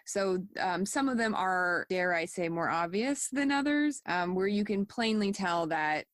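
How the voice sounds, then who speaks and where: A woman's voice: mid-range voice, animated, a little slow, no echo, clean studio sound. A woman hosting a podcast, asking an interview question in a thoughtful, slightly hesitant way. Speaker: podcast host.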